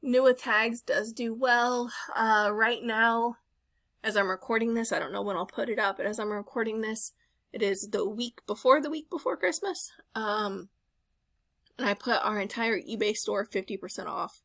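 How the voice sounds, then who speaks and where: A bright, forceful woman in her thirties talks through a thrift haul as a voice-over. She rambles in a friendly way, corrects herself mid-sentence and drops fillers. The sound is dry and close, with no room around it. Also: a little high, moderate pace, creaky, no room sound. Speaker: reseller vlogger. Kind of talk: casual voice-over chat.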